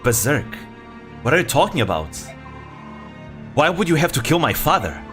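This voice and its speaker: A man's voice: on the high side, sing-song, moderate pace, fairly bright tone, soft background music, voice pushed up. A man voicing a blunt young male mercenary leader in a plain, near-natural voice. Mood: puzzled.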